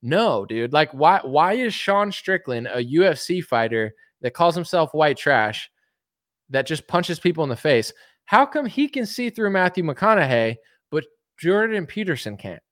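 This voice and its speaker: A man's voice: on the high side, very animated, a little slow, a bit bright, no echo, studio quality. A man ranting in casual political commentary, rambling with lots of "like" and mocking impressions. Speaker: commentary streamer.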